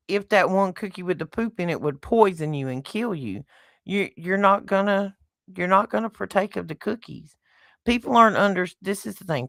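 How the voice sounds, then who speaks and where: A woman's voice: fairly low pitch, fairly bright tone, no echo, clean studio sound. A middle-aged woman with a Southern US accent, co-hosting a casual chat and making her points bluntly with folksy, homespun analogies. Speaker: podcast co-host.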